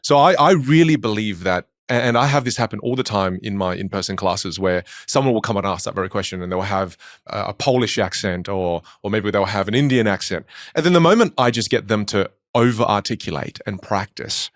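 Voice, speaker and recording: A man with an Australian accent, a speech coach talking in a podcast interview with quick, emphatic storytelling. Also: lowish voice, no echo, studio quality.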